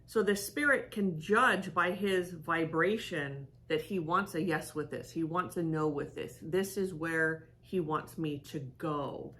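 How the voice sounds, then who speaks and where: A woman hosting as a psychic medium, talking in a rambling, halting way with many fillers and restarts. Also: sits low, fairly bright tone, slight background noise. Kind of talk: casual reaction chat.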